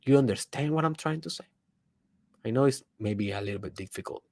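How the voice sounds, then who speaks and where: A man hosting a personal development podcast, speaking in an emphatic motivational monologue that swings between loud bursts and hushed asides, with rhetorical questions to the listener. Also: mid-range voice, animated, a little fast.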